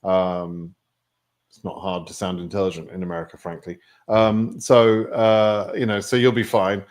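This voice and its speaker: Chatty English man, lowish voice. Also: flat delivery, moderate pace, a little mellow. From England. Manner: chatty, many fillers. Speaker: host answering viewer questions. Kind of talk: live-stream Q&A.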